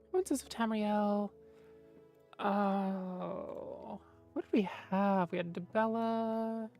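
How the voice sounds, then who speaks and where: A woman's voice: mid-range voice, fairly even intonation, slow, darkish tone, soft background music. A woman streamer chatting casually with viewers, rambling and mumbling to herself with lots of fillers.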